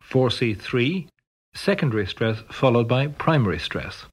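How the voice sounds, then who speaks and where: A man narrating a pronunciation course in a measured, scripted way, announcing sections and rules. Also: mid-range voice, animated, husky.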